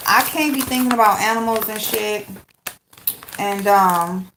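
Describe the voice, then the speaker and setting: In an echoey, noisy room, a woman host chats on a casual live stream, greeting viewers by name in a mid-range voice at a measured pace.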